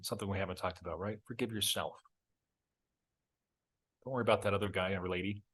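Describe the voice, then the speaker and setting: A man's voice: sits low, racing. A middle-aged man hosting a reflective talk, telling a story in a candid, self-deprecating way. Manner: candid, self-deprecating, animated when reenacting. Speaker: host.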